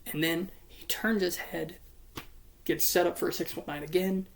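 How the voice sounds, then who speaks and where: A casual voice walks through imagined wrestling matches blow by blow, in a middle pitch. The talk is blunt and swears freely, with a playful edge. It is an informal solo commentary. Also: fairly even intonation, normal speed, vocal fry, slight background noise. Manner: storytelling narration of imagined matches.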